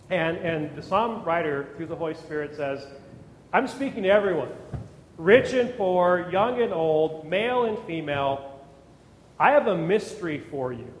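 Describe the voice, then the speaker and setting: High-voiced preaching man in echoey hall. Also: a bit bright, slight background noise. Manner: preaching with emphatic rises, repeats words when building up. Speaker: pastor. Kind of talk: sermon. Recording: echoey hall with long reverb.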